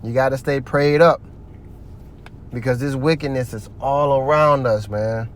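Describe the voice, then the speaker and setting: A man's voice: mid-range voice, fairly even intonation, a little slow, slight background noise. A man giving heated religious commentary, ranting in a profane, preachy way.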